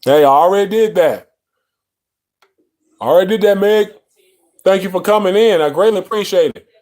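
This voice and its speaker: A man with a fairly high voice hosts a loose live stream recorded on his phone. He chats with viewers, greets them by name and trails into ums and restarts as he talks. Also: moderate pace, darkish tone. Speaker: livestream host. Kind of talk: casual live-stream chat. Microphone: phone mic.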